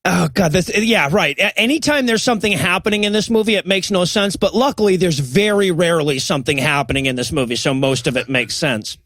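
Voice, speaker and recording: High-voiced man dryly recapping a movie. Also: fairly quick, few pauses. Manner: deadpan, sarcastic recap. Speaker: podcast co-host. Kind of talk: casual comedic movie riffing.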